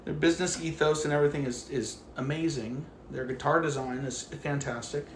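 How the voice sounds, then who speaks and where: Out walking the dog, a man with a fairly high voice rants fairly quickly on his phone livestream. The audio is roomy with slight background noise. In animated fashion, he acts out the people he quotes and swears freely.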